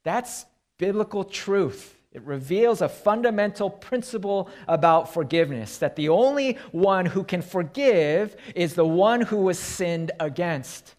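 Speaking at an unhurried pace with lively intonation, a male pastor preaches using illustrative stories and lowers to a quiet tone for emphasis. His voice is a little high for a man.

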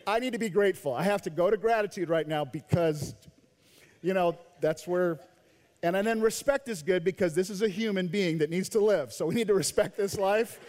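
A pastor with a high-pitched Midwestern American voice preaches a sermon at normal speed, animatedly telling family stories, acting out quoted lines and laughing often. He's in a church auditorium, and the recording carries long hall reverb.

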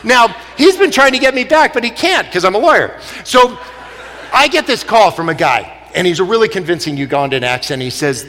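A man telling comic stories on stage, animated and laughing often. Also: high-pitched, normal speed. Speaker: speaker. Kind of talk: comic storytelling talk. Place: stage in a large hall. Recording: long hall reverb.

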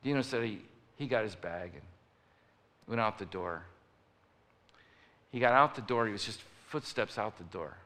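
A man's voice: fairly low pitch, lively intonation, normal speed, long pauses, sharp tone. A man preaching a sermon, telling stories and acting out the people in them. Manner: storytelling preacher, acts out voices. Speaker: pastor. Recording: long reverb of a large hall.

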